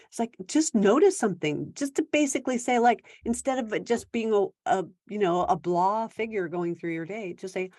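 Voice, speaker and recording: A woman giving parenting advice in a conversational talk, now and then acting out quick quoted exchanges between parent and teen. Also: mid-range voice, lively intonation, darkish tone, no room sound, studio quality. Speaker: parenting coach.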